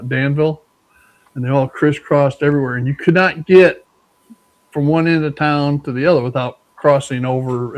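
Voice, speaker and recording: An older man hosting a casual live chat, telling folksy stories in an unhurried way with chuckles. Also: mid-range voice, darkish tone, dry recording, low-quality recording. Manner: slow, folksy storytelling with chuckles. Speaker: host.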